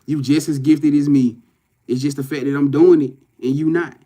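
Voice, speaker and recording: A man's voice: on the high side, steady tone, moderate pace, warm tone. A man, talking loosely to livestream viewers as a spiritual reader, swearing and often saying "you know what I'm saying". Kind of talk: casual livestream talk to viewers. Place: in front of a camera at home.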